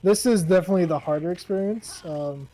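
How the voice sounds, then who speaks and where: A man chatting casually alongside a game stream, relaxed and giving advice. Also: sits high, a little fast. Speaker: co-commentator. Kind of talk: casual gameplay chat.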